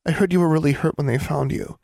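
A man doing a high, tearful teenage girl. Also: gravelly, a little mellow, dry recording. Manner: high-pitched, tearful and rushed. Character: crying anxious teenage girl roommate.

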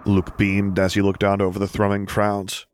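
A man narrating a story in a steady, gentle audiobook reading. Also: fairly low pitch, normal speed, slight background noise.

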